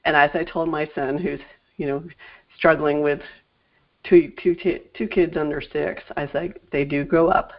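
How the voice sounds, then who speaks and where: A woman's voice: sits low, steady tone, lo-fi sound. A woman hosting an interview, affirming her guest and thanking her, talking through a sore throat. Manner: warm thanks, affirming, slightly halting. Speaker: podcast host. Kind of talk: casual interview chat.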